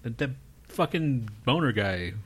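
A man's voice: mid-range voice, expressive, unhurried, a bit bright, husky. A man co-hosting a podcast, rambling through crude casual banter, swearing freely and laughing often. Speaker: podcast co-host.

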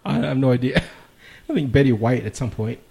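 A man's voice: medium pitch, normal speed, creaky, warm tone, breathy edge. A man co-hosting a podcast, telling a long story in casual chat, swearing often and laughing as he goes. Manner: profane, rambling storyteller who laughs often. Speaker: podcast co-host.

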